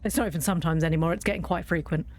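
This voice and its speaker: A woman's voice: lowish voice, very fast, a little mellow. Blunt, sweary British woman. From Britain. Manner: blunt, swears a lot, ranting. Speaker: YouTuber playing a game. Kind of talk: casual gameplay commentary.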